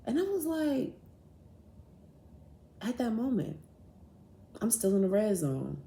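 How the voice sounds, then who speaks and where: A young woman hosting a podcast, telling a story in a casual, animated and profane way, acting out both sides of an argument. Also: a little high, takes it slowly, gravelly, long pauses. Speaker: podcast host. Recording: echoey room.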